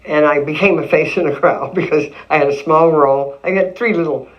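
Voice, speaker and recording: An older woman in an interview, telling stories of her early acting career in a lively way, acting out what people said to her. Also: low voice, fairly quick, muffled recording. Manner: lively storytelling with acted-out quotes and laughs. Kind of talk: reminiscing interview.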